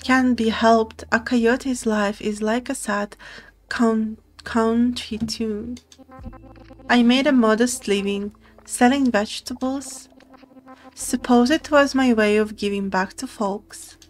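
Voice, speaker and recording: A woman reads out a downcast coyote shopkeeper from a cartoonish game. The voice sits fairly high and unhurried, drawling each line slowly and mournfully. Soft game music plays faintly underneath. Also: fairly even intonation, poor audio. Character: weary, gentle male coyote shopkeeper.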